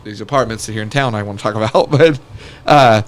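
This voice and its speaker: A man's voice: on the low side, a little fast. A man in casual podcast chat, telling stories in a laid-back way and laughing as he goes.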